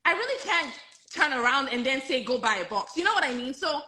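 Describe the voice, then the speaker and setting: A woman's voice: high voice, big pitch swings, fairly quick, sharp tone, rough recording. A woman hosting a casual live-streamed chat with a friend, bubbly and laughing often. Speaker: host.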